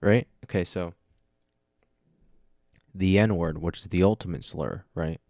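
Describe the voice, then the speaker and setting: A man's voice: sits low, a little slow, darkish tone, no room sound. A young man hosting a podcast on his own, rambling casually with jokey, self-deprecating asides into a close dynamic microphone. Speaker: podcast host. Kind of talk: solo casual chat.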